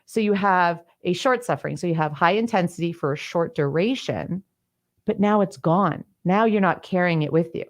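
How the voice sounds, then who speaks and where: A middle-aged woman coaching on clutter in a solo teaching talk, explaining step by step with everyday examples and acting out quoted lines. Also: moderate pace. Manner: acts out quoted lines with bigger pitch swings. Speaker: decluttering coach.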